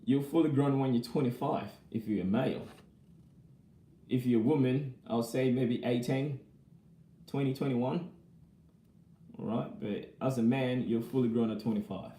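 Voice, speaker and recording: A man's voice: medium pitch, normal speed, pauses often, mellow, roomy sound. A young man chatting casually while unboxing a laptop, rambling and laughing as he answers viewer comments. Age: young adult. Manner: laughs often between remarks. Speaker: vlogger. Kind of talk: casual live-chat unboxing.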